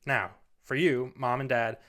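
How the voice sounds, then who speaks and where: Unhurried and steady, this man's mid-range voice has a fairly bright tone. He hosts a parenting video standing at a studio microphone, rambling earnestly through casual advice and saying "you know" often.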